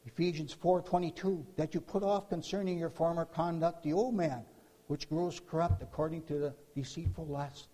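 High-voiced preacher man in a reverberant hall. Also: fairly even intonation, moderate pace, warm tone. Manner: storytelling, emphatic with repeated words. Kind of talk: sermon.

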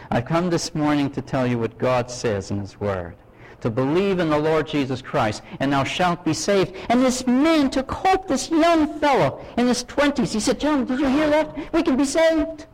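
A middle-aged man from Canada preaching with a lively, swooping voice. He tells his stories in an animated way, acts out the people in them and keeps turning to his listeners with questions. His voice sits a little higher than most men's. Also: moderate pace, rough recording. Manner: animated, acts out dialogue, asks audience questions. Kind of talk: sermon storytelling.

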